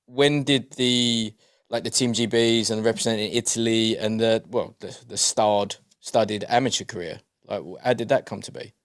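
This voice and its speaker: A man's voice: lowish voice, fairly even intonation, normal speed, smooth. A man hosting a casual podcast who asks loose questions full of banter. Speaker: podcast host.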